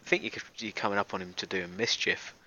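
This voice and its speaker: A man's voice: lowish voice, fairly even intonation, fast talker, creaky, sharp tone. A man playing a tabletop game, chatting jokily and restarting his sentences. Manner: jokey, restarting. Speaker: player. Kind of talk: casual tabletop chat. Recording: dull lo-fi sound.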